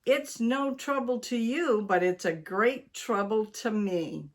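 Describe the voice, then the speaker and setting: A man's voice: high voice, slow pace, exaggerated voice. A woman voicing a fussy, helpless older husband who grumbles and frets. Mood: fretful.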